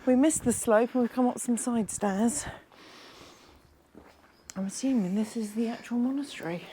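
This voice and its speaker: A woman's voice: a little high, normal speed, dark tone, a little hiss or hum. A woman chatting as a travel vlogger outdoors, rambling and laughing easily, a bit out of breath. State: out of breath after a climb. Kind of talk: casual travel vlog chat. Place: outdoors at a lakeside monastery.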